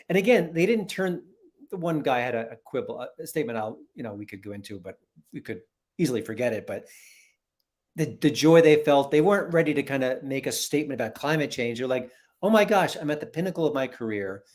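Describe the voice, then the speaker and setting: A man's voice: medium pitch, brisk, darkish tone. A man co-hosting a podcast in casual chat, giving wry, earnest commentary. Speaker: podcast co-host.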